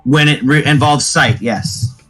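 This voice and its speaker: Man, tabletop player, casual and hesitant, mid-pitched. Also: measured pace, a bit bright, slightly rough, soft background music. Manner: thoughtful, hesitant with fillers.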